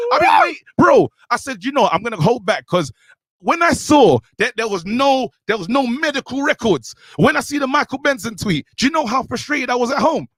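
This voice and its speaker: A man's voice: extremely high pitch, a bit bright, no echo. A young man, a podcast co-host ranting angrily in heated chat. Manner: ranting, worked up, calls out a boxer directly. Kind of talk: heated rant.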